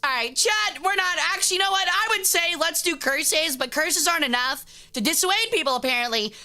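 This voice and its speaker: A woman's voice: extremely high pitch, expressive, fairly quick, sharp tone. A woman streamer chatting casually with her viewers, with playful, profane teasing banter.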